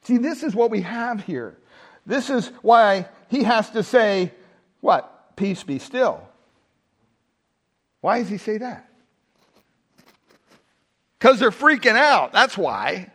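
A male pastor giving a Sunday sermon, animated and humorous, asking the congregation rhetorical questions. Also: sits high, takes it slowly, pauses often, husky.

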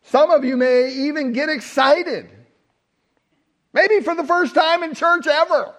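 High-voiced, animated male preacher. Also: a little slow. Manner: animated, humorous, rhetorical questions. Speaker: pastor. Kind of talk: sermon.

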